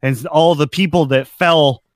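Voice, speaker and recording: A man's voice: fairly high pitch, steady tone, a little slow, no echo. A man narrating as game master of a tabletop role-playing game, laughing between descriptions.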